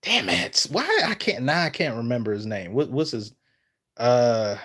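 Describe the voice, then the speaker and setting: A man's voice: unhurried, slightly rough. A man streaming live, reading and answering his chat in a casual, rambling way, often trailing off and restarting his sentences. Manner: lively, pitch jumps up when excited.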